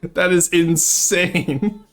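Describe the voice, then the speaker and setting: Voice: mid-range voice, steady tone, extremely slow, a bit bright. A VTuber streamer chatting casually with viewers at home, teasing and laughing often. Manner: joking and teasing, laughs often, talks straight to chat. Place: home, second-floor room.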